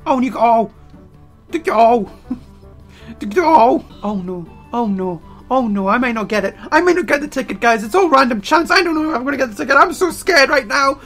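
A woman giving excitable gameplay commentary as a let's player, full of sudden exclamations. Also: fairly high pitch, moderate pace, soft background music. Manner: excitable, frequent startled exclamations.

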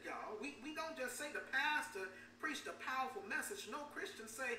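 Preaching in a church sanctuary, this woman pastor keeps repeating her words and calls on the congregation for amens, speaking in a high, sharp voice with lively intonation at a moderate pace and few pauses. The audio comes from a distant mic in an echoey room, with a faint hum underneath.

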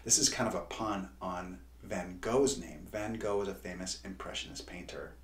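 A man's voice: low voice, moderate pace. Encouraging man teaching kids to draw. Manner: warm, encouraging teacher talk. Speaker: children's author and illustrator. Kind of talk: reading aloud and drawing lesson for children. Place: home art studio. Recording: roomy studio.

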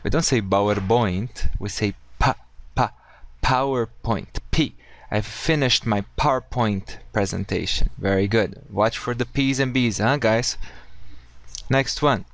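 A man teaching English in a casual video lesson, upbeat and friendly, slowing down to model each correct phrase. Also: medium pitch, a bit bright, no room sound.

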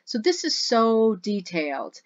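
A woman's voice: medium pitch, very animated, measured pace, muffled recording. A woman hosting a rug hooking club video, chatting at home in a gushing, chatty way as she reads and reacts to posts. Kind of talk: casual chat reviewing social media posts.

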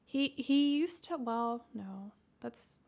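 A woman in her thirties who answers livestream chat questions in a casual, soft-spoken way, hesitating and restarting often. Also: on the high side, lively intonation, slow pace, creaky.

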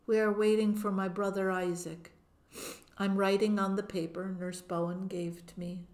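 A woman narrating a novel in first person as an audiobook, in a measured, expressive manner. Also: medium pitch.

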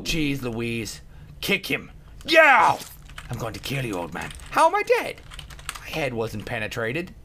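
Excitable man yelling over gameplay. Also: mid-range voice, a little hiss or hum. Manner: excitable, yelps and laughs, sudden loud outbursts. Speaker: gameplay commentator. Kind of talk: casual gameplay commentary.

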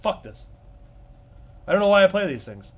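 Jumpy high-voiced man playing horror. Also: very animated, normal speed. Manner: jumpy, swearing, nervous joking asides. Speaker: gaming channel host. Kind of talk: horror game commentary.

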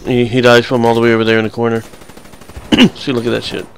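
Gravelly man rambling over game clips. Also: mid-range voice, little pitch movement, fairly quick. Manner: rambling, joking, crude, with frequent restarts. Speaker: gameplay commentator.

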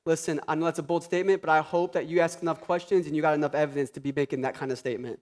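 A man preaching a conversational sermon, animated and sarcastic at times, moving from quiet asides to loud, passionate peaks. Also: on the high side, rapid-fire. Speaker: pastor.

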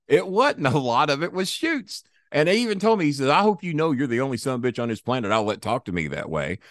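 A man's voice: medium pitch, no room sound, clean studio sound. An older man, a podcast guest, telling stories in a blunt, profane, plain-spoken way. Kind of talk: casual storytelling.

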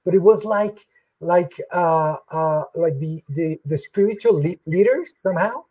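A man's voice: a little high, a little slow, darkish tone, breathy edge, rough recording. A man hesitantly talking, often searching for words, on a video call. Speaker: program director. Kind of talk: casual conversation.

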